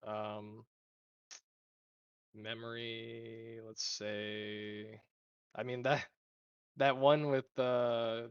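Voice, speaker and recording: A man's voice: fairly low pitch, clean tone, no echo, dull audio. A man who leads a gaming guild, answering interview questions in a casual, rambling way, swearing freely and acting out what others said. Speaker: guild leader.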